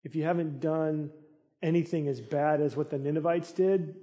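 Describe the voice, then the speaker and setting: Earnest preaching man, fairly high voice. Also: steady tone, moderate pace, dark tone. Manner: earnest, conversational preaching with rising intensity. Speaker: pastor. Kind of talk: sermon.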